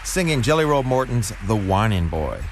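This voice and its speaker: A man narrating a documentary script in a measured way. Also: on the low side, big pitch swings, very noisy. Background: music.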